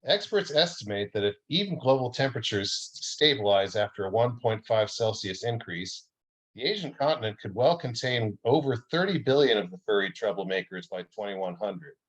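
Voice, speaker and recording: Deadpan man reading a mock documentary. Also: on the low side, rough recording. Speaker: reader.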